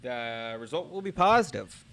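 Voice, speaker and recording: A man's voice: medium pitch, expressive, normal speed, gravelly, fairly bright tone. A man streaming as he tests AI story tools, chatting casually and thinking aloud with many fillers and restarts. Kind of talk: casual chat.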